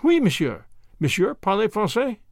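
A man voicing a timid French maid with a soft, raised voice. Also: sits high, very animated, normal speed, gravelly, dry recording, clean studio sound, pitched above the performer's own voice, full character voice. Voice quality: soft, broken English. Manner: hesitant, timid. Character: young French maid, soft-spoken and frightened woman. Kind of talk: audiobook character voice.

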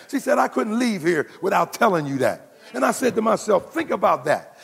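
A male pastor preaching an animated sermon, swinging between low murmurs and loud, excited exclamations. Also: a little fast, vocal fry, husky, big-room sound. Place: church sanctuary.

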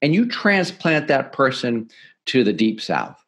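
A middle-aged man, a podcast guest, explaining sales techniques in an energetic, emphatic coaching manner. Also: medium pitch, unhurried. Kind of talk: podcast interview, teaching sales tips.

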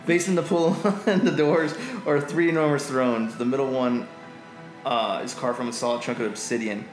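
A man narrating as game master of a tabletop game, often pausing and correcting himself. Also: mid-range voice, steady tone. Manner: halting, lots of fillers and self-corrections. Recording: echoey room, faint music.

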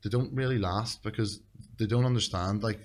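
A man's voice: on the low side, moderate pace. A man chatting as a podcast guest, rambling, swearing freely and laughing often. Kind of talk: casual chat.

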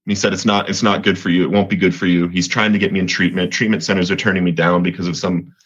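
Husky low-voiced man telling his testimony. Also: flat delivery, fast, a bit bright, highs cut off. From Colorado. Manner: earnest, repeats words, voice rises when reliving moments. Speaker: guest telling his recovery story. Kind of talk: personal testimony in an interview.

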